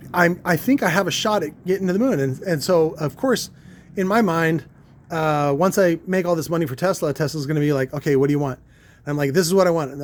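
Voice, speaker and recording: A man's voice: on the high side, darkish tone. A man, a car audio shop owner, talking in a rambling casual monologue, crude and joking, with many restarts and filler words.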